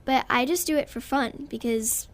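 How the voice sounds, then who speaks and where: A woman's voice: high voice, normal speed. A young girl from Texas with a Texan accent, a guest actress in a radio interview, talking in a bubbly, earnest way and giggling often. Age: child.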